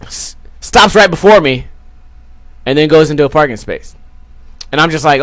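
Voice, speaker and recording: A young man with a high voice and lively intonation hosts a podcast, telling a rambling, crude story full of swearing. He keeps slipping into quick put-on voices for the people in it. The sound is dry and close, with no room echo.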